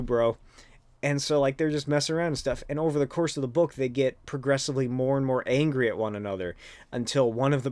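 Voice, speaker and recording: A man's voice: mid-range voice, no echo. A man hosting a podcast, recapping a comic in a rambling, casual way with lots of swearing and filler words. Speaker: podcast host.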